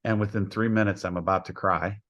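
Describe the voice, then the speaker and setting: Low-voiced coach telling folksy stories. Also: male voice, steady tone, fairly quick, a bit bright, lo-fi sound. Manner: folksy, anecdotal, acts out quoted dialogue. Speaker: head softball coach, podcast guest. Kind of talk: storytelling in a podcast interview.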